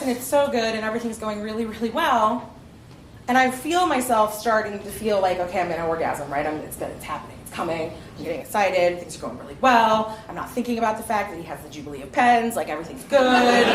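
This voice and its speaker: A woman with a Southern US accent telling a comic personal story on stage at a live event, often laughing through her lines. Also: fairly high pitch. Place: live venue with audience. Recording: echoey live room, faint noise.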